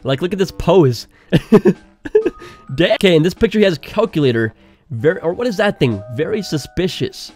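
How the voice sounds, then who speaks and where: A man hosting a casual tech video, excitable and laughing often as he walks through a phone trick. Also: high voice, normal speed, faint music behind.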